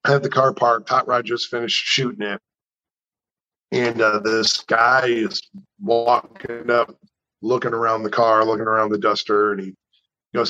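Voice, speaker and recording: Animated New storyteller man. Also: medium pitch, measured pace, muffled recording. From New York. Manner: animated, chatty storyteller who acts out quotes. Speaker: custom car builder. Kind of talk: storytelling in an interview.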